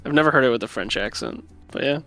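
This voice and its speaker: A man's voice: mid-range voice, quick pace, fairly bright tone, soft background music. A man chatting casually on a livestream, laid-back and laughing, often repeating himself. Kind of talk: casual chat.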